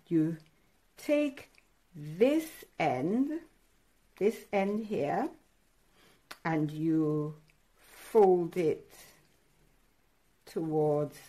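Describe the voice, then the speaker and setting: Slow, low-voiced woman art teacher. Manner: encouraging, hesitant with many fillers; addresses children directly, excitable. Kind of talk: step-by-step craft lesson.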